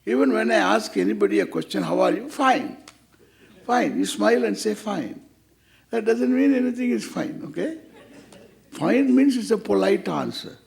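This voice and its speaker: A man's voice: sits high, animated, fairly quick, gravelly, darkish tone. An older man teaching a scripture class in a playful, teasing way, acting out little dialogues. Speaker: spiritual teacher.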